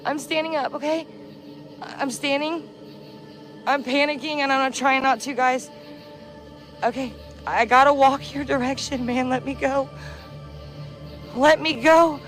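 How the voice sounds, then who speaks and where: Panicked high-voiced woman filming in dark woods. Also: fairly even intonation, unhurried, long pauses, soft background music. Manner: pleading, breathless, panicky, swearing. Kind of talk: frightened live commentary to viewers. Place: dark woods outdoors at night. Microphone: handheld camera.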